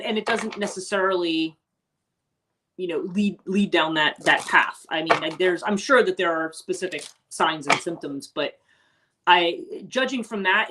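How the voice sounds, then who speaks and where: A woman with a lowish voice hosts a casual morning livestream, chatting with viewers and rambling through many restarts and asides. She is a teacher and life coach, and the recording is very noisy.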